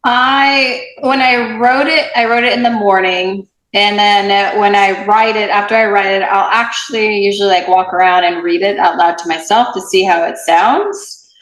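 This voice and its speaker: Woman guest thinking out loud, lots of ums, roomy echo. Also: mid-range voice, steady tone, moderate pace. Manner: reflective, with fillers and restarts. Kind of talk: casual conversation.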